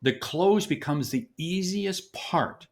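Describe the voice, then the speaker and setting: Animated gravelly older man. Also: fairly high pitch, takes it slowly. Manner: animated, emphatic, repeats words for stress. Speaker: sales expert guest. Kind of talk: podcast interview.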